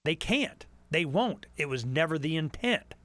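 A talk radio host delivering an impassioned call-in monologue, hammering his points again and again. His voice is a man's, sitting a bit high, with a tense, forceful edge. The sound is close and dry. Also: sing-song, a little slow, no room sound. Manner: fervent, repetitive, ranting.

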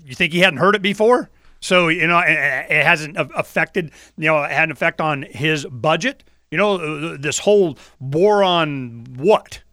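High, bright-voiced talk radio host. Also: male voice, dry recording, studio quality. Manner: animated, mocking, puts on voices to mimic officials. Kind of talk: casual talk radio chat.

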